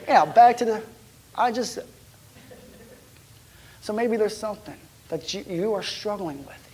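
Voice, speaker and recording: Hushed, conversational male pastor. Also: high-pitched, a little slow, slight background noise. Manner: conversational, dropping to hushed, near-whispered tones; frequent restarts and stammers. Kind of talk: storytelling sermon.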